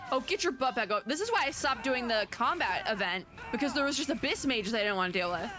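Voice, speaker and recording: A young woman doing let's play commentary on a video game, animated and chatty, laughing to herself. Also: fairly high pitch, fast talker. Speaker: gaming YouTuber.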